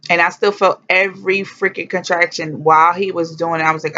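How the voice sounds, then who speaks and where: A young woman telling a personal story to camera in a casual, animated way, blunt and swearing freely, acting out what people said. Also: on the low side, normal speed, hardly any pauses. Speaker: vlogger. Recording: dull lo-fi sound.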